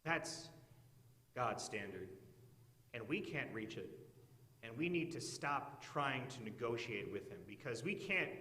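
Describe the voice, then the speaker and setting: A man pastor preaching a sermon in an earnest, measured way, recorded in an echoey church. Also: mid-range voice, animated, sharp tone.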